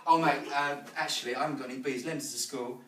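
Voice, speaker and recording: A man playing a brash Cockney geezer with loud rhyming-slang patter, in a live one-man comedy show in a living room. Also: mid-range voice, steady tone, quick pace, close to an everyday voice. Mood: cocky. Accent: put-on Cockney. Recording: roomy sound from a distant mic.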